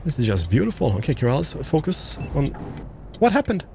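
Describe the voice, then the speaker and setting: Man, let's-play commentary, lively swooping pitch, chatty and joking, faint truck sounds behind. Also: brisk, gravelly, background noise. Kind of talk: casual gameplay commentary.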